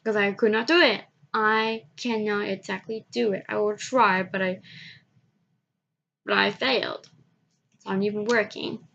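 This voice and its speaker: A woman vlogging, telling a personal story in a halting, repetitive way and often restarting her sentences. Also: medium pitch, steady tone, vocal fry, fairly bright tone, muffled recording, slight background noise.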